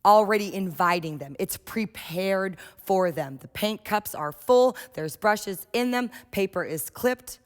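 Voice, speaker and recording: A woman giving a workshop lecture on children's art, lively and storytelling, often acting out quotes. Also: medium pitch, measured pace, few pauses. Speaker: early childhood art trainer. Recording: echoey hall.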